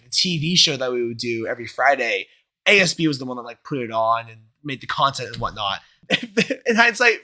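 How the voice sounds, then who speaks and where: A young man co-hosts a casual podcast, his fairly high voice swinging up and down as he tells stories. He has a bright, forward tone and breaks into goofy voices. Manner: animated storyteller, jumps into silly voices. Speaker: podcast co-host. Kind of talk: casual chat.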